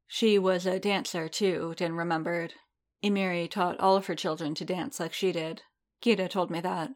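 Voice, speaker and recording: Woman narrating a story, slightly low voice. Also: steady tone, normal speed.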